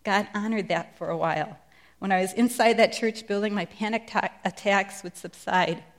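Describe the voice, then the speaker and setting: A woman's voice: medium pitch, normal speed. A middle-aged woman sharing a Christian testimony in a sermon, speaking with earnest, emphatic conviction. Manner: earnest, emphatic preaching delivery.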